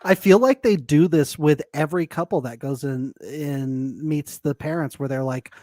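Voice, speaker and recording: A man co-hosting a casual recap show, animated, laughing often and acting out quotes. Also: on the high side, normal speed, few pauses, no room sound, clean studio sound. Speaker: podcast co-host.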